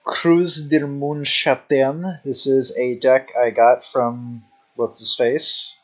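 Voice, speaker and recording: A drowsy man talks through his picks in a slow, unhurried drawl, leaning constantly on "you know" and "um." His voice sits at an ordinary middle pitch. The recording sounds dull and low-fidelity, like a cheap home mic. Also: flat delivery. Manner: rambling, heavy on fillers like "you know"; unhurried, drawn-out delivery. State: sleepy, yawning. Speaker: deck showcase narrator. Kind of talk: casual rambling commentary.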